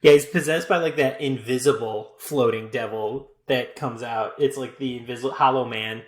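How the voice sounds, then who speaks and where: A man's voice: medium pitch, fairly even intonation, moderate pace. Laughing, casual male podcast co-host. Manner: laughs easily, swears casually. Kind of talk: casual movie review chat.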